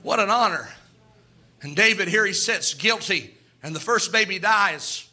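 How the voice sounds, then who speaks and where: A man's voice: high voice, expressive, measured pace, pushed and bright. A man preaching a sermon, telling Bible stories and acting out the characters' voices, building up with emphatic repetition. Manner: storytelling, acts out Bible characters in quoted voices.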